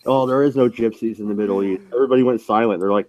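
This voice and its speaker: A man's voice: on the low side, rapid-fire, a little mellow, lo-fi sound. A man hosting a casual online chat stream, joking and laughing often as he talks.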